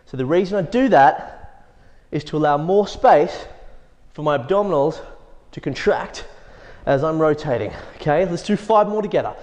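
A man's voice: fairly high pitch, expressive, moderate pace, darkish tone. A man leading a workout as fitness instructor, counting reps and urging people on, out of breath as he exercises along. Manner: encouraging, counts reps aloud while exercising. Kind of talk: workout coaching. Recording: long hall reverb.

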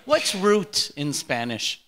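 A man's voice: a little high, huge pitch swings, slow pace, very noisy. A man co-hosting a casual podcast, teasing his co-host with crude jokes. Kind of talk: casual chat.

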